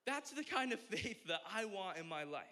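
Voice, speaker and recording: A young man preaching a sermon as a pastor, telling stories in an animated way and acting out the voices. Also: high voice, normal speed. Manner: animated storytelling, acts out voices.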